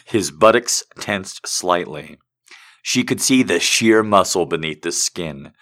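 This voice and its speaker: A man hosting a comic reading of fan fiction, breaking off into crude, profane, excitable asides. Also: sits low, slow pace.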